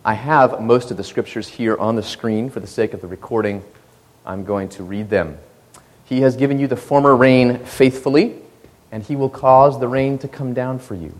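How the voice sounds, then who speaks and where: A man preaching a sermon, telling stories with animated rises and quiet asides, recorded in a church hall. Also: on the low side. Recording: long hall reverb.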